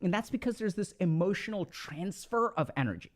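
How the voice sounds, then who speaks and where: A man's voice: high-pitched, expressive, brisk. Man explaining in a casual, chatty way. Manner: conversational, filler-heavy, checks in with "right?". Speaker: speaker giving relationship advice.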